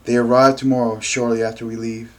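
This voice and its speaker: A man reading as a calm, steady father. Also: medium pitch, fast talker, close to an everyday voice. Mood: firm. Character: stern but patient middle-aged father.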